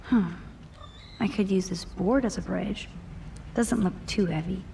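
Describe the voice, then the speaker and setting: A woman's voice: medium pitch, a little slow, gravelly, dark tone, slight background noise. An actress voicing a wry, introspective teenage girl photographer in a story game, speaking in dry, musing asides. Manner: dry, musing inner monologue. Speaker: game protagonist.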